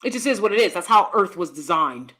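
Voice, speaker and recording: A woman, chatting casually and animatedly with her viewers while laughing often, swinging between loud bursts and soft asides. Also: medium pitch, expressive, fast talker. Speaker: channel host. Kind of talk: casual live-stream chat.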